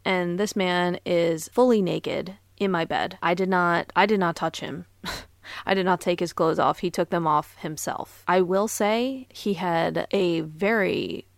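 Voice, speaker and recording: Blunt, profane woman in her twenties; lowish fry-heavy voice, dry booth sound. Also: unhurried, dry recording. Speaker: podcast host. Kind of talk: casual storytelling podcast.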